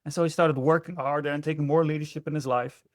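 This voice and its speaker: A man's voice: a little high, fairly even intonation, fast talker, no echo, studio quality. A man working as a relationship coach, talking bluntly and emphatically with frequent swearing in an interview. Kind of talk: candid interview conversation.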